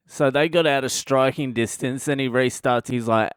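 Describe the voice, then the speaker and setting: A man's voice: mid-range voice, fairly quick, hardly any pauses, smooth, dry recording, clean studio sound. A man in his thirties with an Australian accent, hosting a podcast and telling a blunt, profane, self-mocking comic story. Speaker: comedian podcast host.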